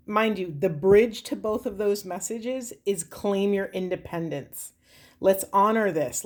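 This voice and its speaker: Young adult woman, spiritual card reading, earnest, emotional, mid-pitched voice. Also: darkish tone. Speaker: tarot reader.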